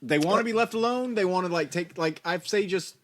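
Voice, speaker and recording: A man's voice: high voice, a little fast, slight background noise. A man co-hosting a podcast in casual comedic chat, dropping short wry interjections.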